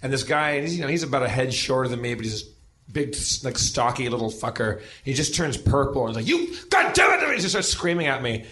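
A man's voice: mid-range voice, fast, a bit bright, a little hiss or hum. A man co-hosting a comedy podcast, telling self-mocking stories casually with laughter. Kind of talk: casual storytelling.

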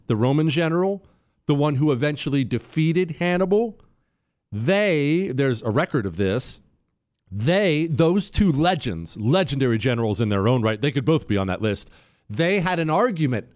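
A man hosting a talk show, explaining a topic with examples in an animated, teasing way. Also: fairly high pitch. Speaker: show host. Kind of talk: casual talk show monologue.

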